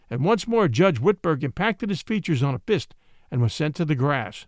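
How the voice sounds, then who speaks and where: A man narrating a classic short story as an expressive audiobook reading. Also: on the high side, moderate pace, no echo, clean studio sound.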